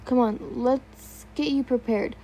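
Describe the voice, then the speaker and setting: A soft-spoken, protective young man who reassures and soothes, as a woman voices him while reading a story. His voice is light and high, earnest in tone, and mellow rather than sharp. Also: steady tone, unhurried.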